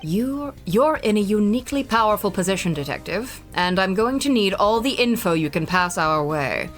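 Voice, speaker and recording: A woman voicing a composed male prosecutor, reading a game aloud in a measured, commanding tone. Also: mid-range voice, expressive, soft background music, natural voice. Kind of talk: reading a visual novel aloud.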